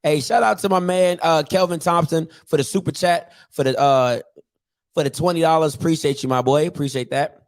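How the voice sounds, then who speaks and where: A man hosting a casual live-streamed sports talk show, animated and exasperated, repeating himself for emphasis. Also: on the high side, fairly quick, dry recording. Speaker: host of a college football show.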